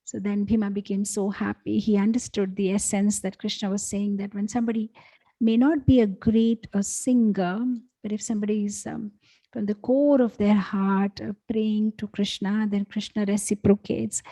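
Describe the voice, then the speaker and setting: Mellow-voiced woman telling a devotional story. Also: medium pitch, normal speed, rough recording. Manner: animated storytelling, acting out voices of characters. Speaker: temple speaker. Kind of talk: storytelling sermon.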